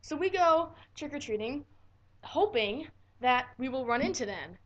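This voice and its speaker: A teenage girl telling a story in a casual vlog, animated and dramatic and swearing freely. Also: high-pitched, a little slow, dull audio. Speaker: vlogger.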